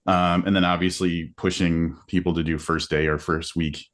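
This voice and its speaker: A man's voice: low voice, level tone, moderate pace. A man who hosts a book podcast, explaining his interview approach on a video-call panel in an earnest, conversational way with many fillers. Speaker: podcast host, panel guest. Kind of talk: casual panel chat. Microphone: video call mic.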